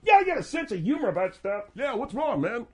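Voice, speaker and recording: A man's voice: very high-pitched, sing-song, brisk, a little mellow, slightly rough, voice pushed up, heavily acted. A man voicing a dim-witted, easily amused male sidekick on a comedy radio bit, who keeps needling with the same joke.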